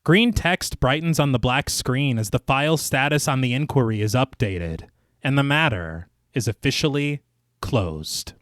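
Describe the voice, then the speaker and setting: Here a podcast co-host with lively intonation and a slightly bright voice speaks a little slowly, recorded cleanly in a studio with no room sound. His scripted film recap is dramatic, full of casual asides, with movie quotes read low and laughs at his own jokes.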